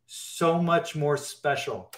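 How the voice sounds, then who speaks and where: A man's voice: fairly high pitch, expressive, takes it slowly. A man, an animator guest in an interview, talking casually and eagerly, often repeating and restarting his words as he gets carried away.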